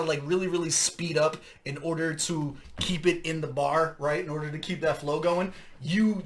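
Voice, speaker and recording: A man hosts a casual music reaction, his voice high and bright. He talks in an animated, profane way, exclaiming and laughing between thoughts. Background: hip hop track playing.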